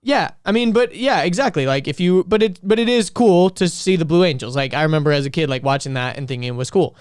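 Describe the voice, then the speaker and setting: A man's voice: fairly high pitch, expressive, quick pace, clear, resonant tone, no room sound, studio quality. A young man co-hosting a podcast, telling stories in a rambling casual way full of "like.". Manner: rambling, filler-heavy storytelling with many "like"s. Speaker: podcast co-host.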